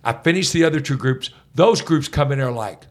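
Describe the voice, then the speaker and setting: A man's voice: mid-range voice, brisk. A middle-aged man, a basketball head coach, telling stories animatedly as a podcast guest. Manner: animated, energetic storyteller. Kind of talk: conversational storytelling.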